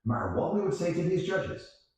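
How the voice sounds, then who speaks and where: A man telling a story in casual chat, profane and animated, acting out other people's lines. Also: sits high, fairly quick, a little hiss or hum. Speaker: guest storyteller. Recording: echoey room, distant mic.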